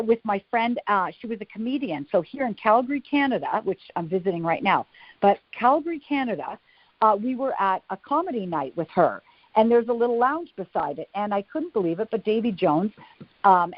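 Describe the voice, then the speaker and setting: Woman, interview guest, lively storytelling, medium pitch, dull lo-fi audio. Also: dry recording. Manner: lively storyteller, animated and laughing. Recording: dull lo-fi dry sound.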